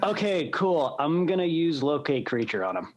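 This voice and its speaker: A player in a live tabletop game, speaking in a loose and expressive way about their character's spells. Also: mid-range voice, moderate pace, crowd noise. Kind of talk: casual tabletop game play.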